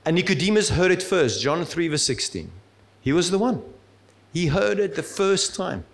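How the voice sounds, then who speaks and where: A man's voice: high voice, very animated, moderate pace, vocal fry. A male preacher giving a sermon in a conversational, humorous storytelling manner.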